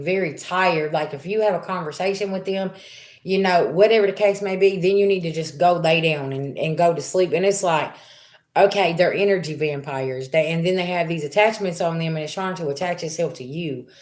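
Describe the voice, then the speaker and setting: A woman's voice: fairly low pitch, brisk, a little mellow. A woman giving a live-streamed tarot reading, talking loosely and chattily straight to her viewers. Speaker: tarot reader. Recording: roomy echo with faint background noise.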